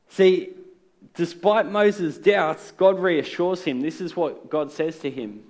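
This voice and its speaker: A man's voice: a little high, unhurried. A man preaching a sermon in an earnest, conversational way with touches of humor. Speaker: pastor. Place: church.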